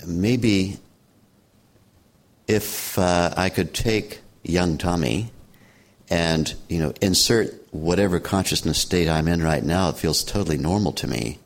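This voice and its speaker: An older man with a very low, calm voice tells a story at an unhurried pace. He sounds gently amused and settled, like a teacher talking easily in an interview. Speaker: meditation teacher. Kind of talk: reflective storytelling.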